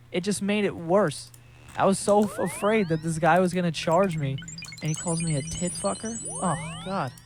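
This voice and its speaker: A man casually telling a story while playing a game, laughing often and swearing freely. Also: fairly high pitch. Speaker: gaming streamer.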